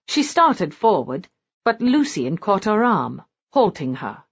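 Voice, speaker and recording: Expressive woman narrating a romance. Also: medium pitch, slow, slightly rough. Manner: expressive, lively. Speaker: audiobook narrator. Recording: dull lo-fi audiobook recording.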